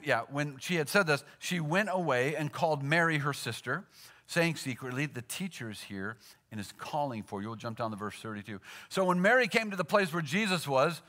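Bright-voiced man preaching with emphatic swings. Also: animated, normal speed. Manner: swings from loud emphatic peaks to soft low asides. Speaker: pastor. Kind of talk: sermon.

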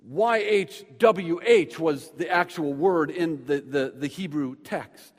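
A male pastor delivering a sermon in a church, animated and prone to repeating words, with the odd joking aside. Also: on the high side, slow. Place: church sanctuary with screens. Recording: long hall reverb.

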